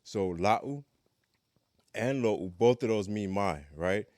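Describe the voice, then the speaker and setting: Deep-voiced man teaching a language lesson. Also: dry recording, studio quality. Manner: relaxed, repeats phrases slowly for learners.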